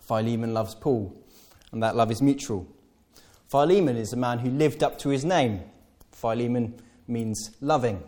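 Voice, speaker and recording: A man delivers a sermon with a mellow, warm tone at a middle pitch. He talks conversationally, correcting himself as he goes and slipping in playful, acted-out asides for his congregation. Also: normal speed. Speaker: preacher. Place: church hall with congregation.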